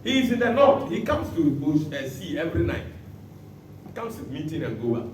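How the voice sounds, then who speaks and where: A man preaching a sermon as pastor, bursting into shouts and acting out the words he quotes. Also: on the high side, brisk, a little hiss or hum. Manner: animated preaching with sudden shouts and dramatic quotes. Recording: echoey hall from far off.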